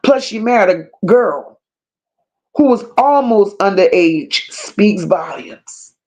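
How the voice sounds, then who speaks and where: A woman delivers an unscripted rant in a medium voice, leaning hard on each word with open scorn. Her pace is unhurried and drawn out, and she breaks off now and then to read viewer comments aloud. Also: mid-range voice, animated, a little mellow. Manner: slow, emphatic and scornful, with drawn-out insults. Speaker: commentary channel host.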